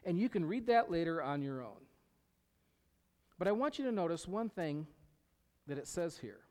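A man's voice: on the high side, lively intonation, normal speed, darkish tone. A middle-aged male pastor preaching a sermon, emphatic, repeating key phrases and sometimes dropping to a whisper. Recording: long reverb of a hall.

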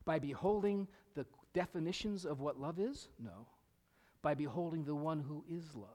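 Middle-aged male pastor, slightly high-pitched, emphatic sermon delivery with whispered asides, recorded in a reverberant church hall. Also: lively intonation, normal speed, darkish tone. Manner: emphatic, repeats key phrases, drops to a whisper at times.

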